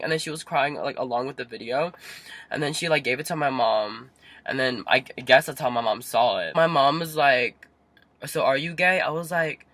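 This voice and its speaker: A young man telling a personal story to the camera from inside a parked car, chatty and dramatic, full of "like", jumping up high and loud when he quotes himself. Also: fairly quick. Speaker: vlogger.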